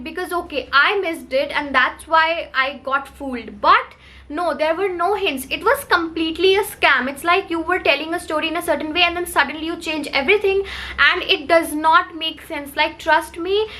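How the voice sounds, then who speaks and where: A woman's voice: very high voice, moderate pace, bright, forceful tone. A woman reviewing a book to camera, talking in a heated, emphatic rant full of repetition.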